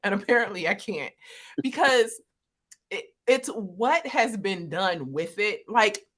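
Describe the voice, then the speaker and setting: A woman co-hosting a casual livestream discussion, animated and laughing often. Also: medium pitch, slow. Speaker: co-host. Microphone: video call.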